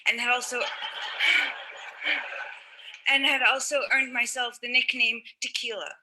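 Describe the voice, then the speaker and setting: Bright-voiced young woman telling a story. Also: on the high side, level tone, slight background noise, poor audio. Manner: halting, many fillers and restarts. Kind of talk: personal storytelling.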